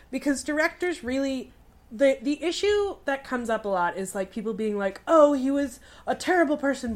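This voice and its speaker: A woman with a slightly high voice argues her views in a casual podcast chat. She speaks emphatically and firmly, with an opinionated edge. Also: fairly bright tone. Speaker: podcast co-host.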